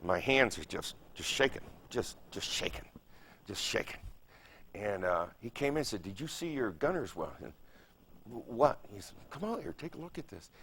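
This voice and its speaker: A man's voice: on the low side, fairly bright tone. A man in his seventies from Michigan, recalling his experiences as a veteran in an oral history interview, telling it vividly with repeated phrases and sound effects. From Michigan, United States. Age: 70s. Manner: vivid, emphatic storytelling with repetition and sound effects.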